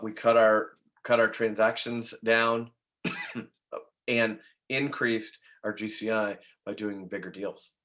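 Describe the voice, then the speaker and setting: A man's voice: on the low side, a bit bright. A man leading a real estate training class, talking conversationally and often asking "right?" of the listeners. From Nashville. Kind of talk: training talk to agents.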